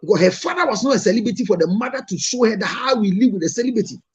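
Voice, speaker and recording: A man's voice: high-pitched, lively intonation, racing, breathy edge. A Ghanaian man, a marriage counselor, telling stories to an audience and scolding with rhetorical questions. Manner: scolding, rhetorical questions, mixes in Twi phrases. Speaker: marriage counselor and show host. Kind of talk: lively storytelling talk to an audience.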